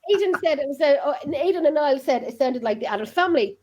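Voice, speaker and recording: A woman's voice: high-pitched, animated, fast, a little mellow. A woman hosting a podcast, telling stories in casual chat with lots of giggling. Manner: giggly, chatty storytelling. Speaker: podcast host.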